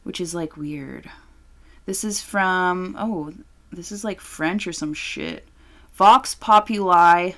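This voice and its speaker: A woman's voice: fairly low pitch, takes it slowly, creaky, a bit bright. A young woman co-hosting a podcast, chatting casually in a brash, joking, profane way. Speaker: podcast co-host. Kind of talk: casual chat.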